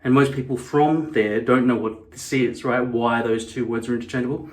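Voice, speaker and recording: A man's voice: mid-range voice, steady tone, normal speed. A man vlogging casually to camera, blunt and profane, wandering into rambling asides. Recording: echoey room.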